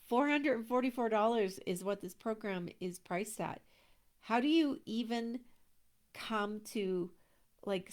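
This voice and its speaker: A middle-aged woman coaching, talking earnestly and reflectively, sometimes dropping into a soft whisper. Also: mid-range voice, gravelly. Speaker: abundance coach. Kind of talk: motivational talk to an online audience.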